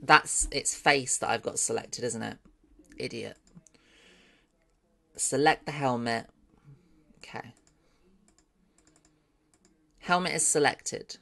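A woman's voice: rumbling low, slow pace, gravelly, long pauses, bright, forceful tone. A woman streaming live as she learns 3D modeling. She thinks aloud, talks to her chat and swears with delight when something turns out well.

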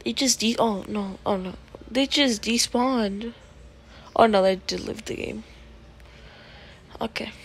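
A woman records casual gameplay commentary for her video channel. Her voice sits a little high, and her pace is unhurried. She chats along and then breaks into excited yelling at the game. A faint hum of noise sits behind her. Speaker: gaming video creator.

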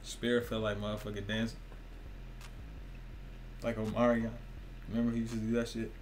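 His delivery is completely flat and his voice on the low side, moving at normal speed against slight background noise. As host of his own channel, he rambles profanely to camera, frequently laughing and asking viewers questions.

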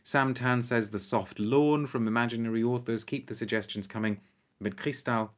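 A man's voice: medium pitch, fairly even intonation, moderate pace. A man hosting an unscripted live stream, chatting about perfumes and reading out viewer comments, enthusiastic and often repeating words as he thinks aloud.

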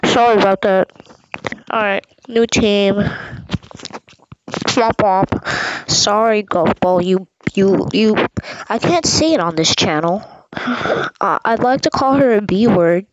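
A woman voicing an excitable, melodramatic hamburger character who gives comic reaction commentary, swinging between squeals and grumbles. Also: mid-range voice, takes it slowly, long pauses, dry recording, lo-fi sound, natural voice. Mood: dramatic.

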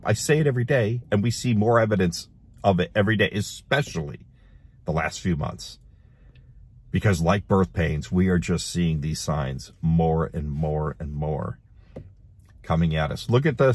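A middle-aged man hosting a casual commentary show, reading headlines aloud and adding animated, laughing remarks. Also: lowish voice, slightly rough. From United States. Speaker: host.

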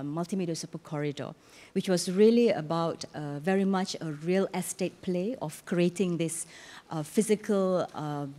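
A woman with a sore, failing throat speaks on a conference panel in a fairly low voice. She explains points earnestly and sometimes restarts her sentences. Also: darkish tone. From Malaysia. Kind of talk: panel discussion answer. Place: conference hall.

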